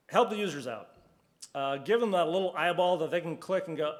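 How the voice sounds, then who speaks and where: A man speaking at a conference in a loose, chatty way, with a voice that sits a bit high. He slips into the voices of frustrated users and friends as he tells little stories. It was recorded in a conference hall. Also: expressive, normal speed. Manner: chatty, acts out quoted reactions. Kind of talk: casual conference talk.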